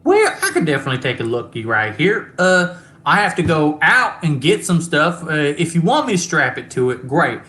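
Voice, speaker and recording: Brief: performer putting on a crude, gruff male mechanic, bright edge, roomy echo. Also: mid-range voice, wildly swooping pitch, normal speed, hardly any pauses. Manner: blunt, profane, folksy grammar. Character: gruff crude male starship mechanic, fiercely protective of a classic ship. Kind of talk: tabletop role-play, game master voicing a character.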